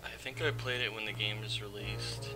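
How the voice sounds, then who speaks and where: A man's voice: lowish voice, fairly even intonation, normal speed. A man casually commenting while playing a video game, rambling and joking as he goes. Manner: offhand, rambling, jokey. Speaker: gameplay video host. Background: game music.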